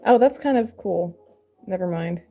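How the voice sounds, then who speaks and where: Laughing, rambling woman with a mellow voice. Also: fairly low pitch, expressive, normal speed, soft background music. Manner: rambling, laughs often, self-deprecating. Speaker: crafter and mother. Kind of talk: casual chat while sculpting.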